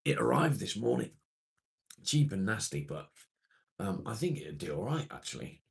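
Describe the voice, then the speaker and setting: A man's voice: fairly low pitch, very animated, moderate pace, vocal fry, long pauses. A middle-aged man, casually chatting and reassuring viewers on a live stream.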